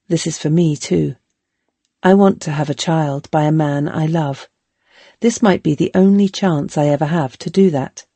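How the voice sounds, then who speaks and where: A woman's voice: low-pitched, moderate pace, mellow, dry recording. A woman voicing a determined, loving young former slave in a historical audiobook, earnest and reassuring.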